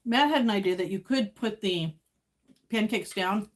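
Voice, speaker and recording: A woman's voice: mid-range voice, normal speed. Chatty woman hosting a livestream. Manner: chatty, greets viewers while eating. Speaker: livestream host. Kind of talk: casual livestream chat.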